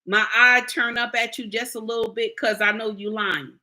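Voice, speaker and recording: A woman's voice: fairly high pitch, steady tone, moderate pace, sharp tone. A middle-aged woman content creator, lecturing and scolding her viewers in a blunt, preachy commentary. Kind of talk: livestream commentary rant.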